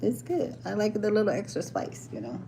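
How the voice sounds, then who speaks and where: A woman talks in a loose, playful way, laughing and dropping in lots of fillers. Her voice sits in a middle pitch. A faint hiss runs underneath. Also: sing-song, fairly quick, vocal fry, dark tone. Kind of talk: casual chat.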